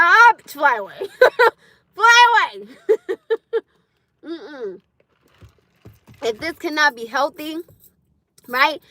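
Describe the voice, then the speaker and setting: A young adult woman ranting bluntly on a casual livestream, animated and laughing often. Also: sits high, dry recording. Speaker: livestream host.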